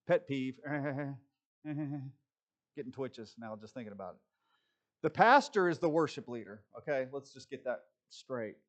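A man's voice: medium pitch, animated, unhurried. A man, a pastor, giving casual commentary with impassioned, sarcastic asides.

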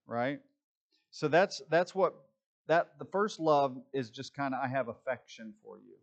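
A man's voice: medium pitch, expressive, lo-fi sound. A man leading an informal Bible study, thinking aloud as he looks up verses and closing with a short prayer. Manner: halting, thinks aloud while leafing for verses.

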